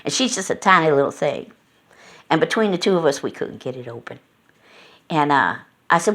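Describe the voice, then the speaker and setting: Low voiced middle aged woman just chatting at home, folksy, rambly, lots of uhs. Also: expressive, brisk, pauses often, fairly bright tone. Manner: chatty, folksy, meandering with many fillers. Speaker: vlogger. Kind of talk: casual rambling storytelling.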